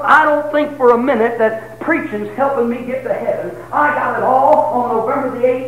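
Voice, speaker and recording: A man preaching a sermon, telling folksy stories, acting out quotes and rising to shouts. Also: very high-pitched, rough recording.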